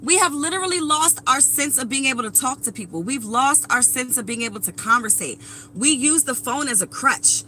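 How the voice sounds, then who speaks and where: A woman in her thirties reads tarot live and casually, swearing and speaking bluntly to the people watching. Her fairly high voice moves at normal speed with a bright, forceful tone, though the recording is rough and carries a little hiss or hum.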